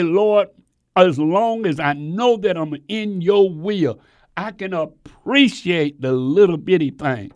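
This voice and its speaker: A man's voice: on the high side, no room sound, studio quality. A man preaching a sermon in an emphatic, conversational way, asking his listeners rhetorical questions.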